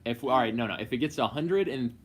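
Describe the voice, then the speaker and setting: A man's voice: mid-range voice, rapid-fire. Playful man running a live stream. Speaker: co-host of a couple's live Q&A. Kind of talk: casual live-stream chat.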